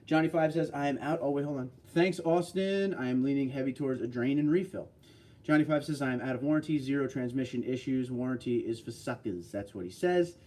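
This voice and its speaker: A man's voice: medium pitch, quick pace, dark tone. A man from New York hosting a casual livestream, reading out viewer comments and bantering back.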